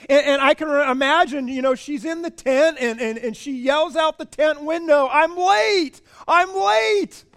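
A man preaching a sermon as a pastor, animated, asking his congregation questions and often repeating words. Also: very high-pitched, moderate pace, few pauses.

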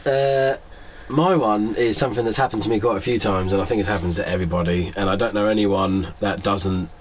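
A man's voice: lowish voice, steady tone, a little fast, slight background noise, low-quality recording. A man co-hosting a podcast in casual comedic chat, dry and mocking, with some swearing. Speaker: podcast co-host.

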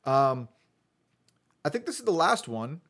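A man's voice: on the high side, sing-song, measured pace, a bit bright. A man hosting a casual podcast, running through his notes in a chatty way with fillers. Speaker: podcast host.

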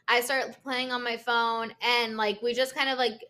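A woman's voice: on the high side, level tone, moderate pace, bright, forceful tone. A young woman in casual chat, telling a story with lots of fillers and cursing.

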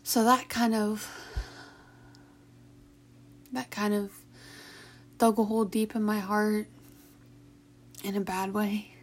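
Young woman vlogger, mid-pitch voice, emotional and halting, sighs between restarts. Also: flat delivery. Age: young adult. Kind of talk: personal confessional talk.

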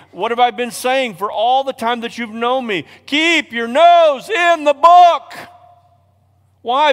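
A male pastor preaching a sermon in a church, swinging from hushed, quiet lines to loud, shouted exhortations. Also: very high-pitched. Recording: long reverb of a large hall.

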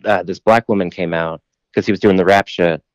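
A man's voice: deep voice, steady tone, brisk, no room sound, lo-fi sound. A man telling a long rambling story in casual podcast chat, full of "like" and casual swearing.

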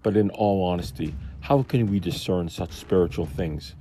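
A man's voice: deep voice, normal speed, dark tone, a little hiss or hum. A man giving a casual Bible commentary, musing and thinking aloud as he questions himself. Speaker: Bible study teacher.

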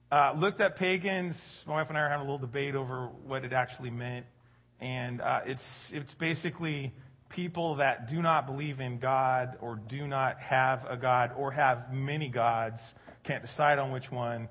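A middle-aged man preaching a sermon in a relaxed, conversational way, joking with the congregation and rising louder for emphasis. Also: medium pitch, normal speed. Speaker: pastor.

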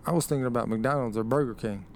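An actor playing a laid-back young male gravedigger who talks in a relaxed, casual way and swears offhandedly. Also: mid-range voice, quick pace, natural voice.

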